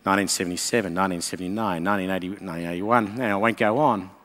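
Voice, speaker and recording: A man with an Australian accent giving a conference keynote, animated and punchy in his storytelling. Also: low-pitched, rapid-fire. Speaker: keynote speaker. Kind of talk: conference speech. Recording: long reverb of a conference hall.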